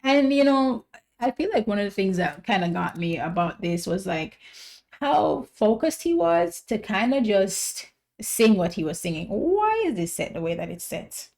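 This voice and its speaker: Woman with gravelly vocal fry. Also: mid-range voice, sing-song, moderate pace, a little mellow. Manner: chatty, musing, full of "like" and "you know". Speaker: reaction video host. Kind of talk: casual reaction commentary.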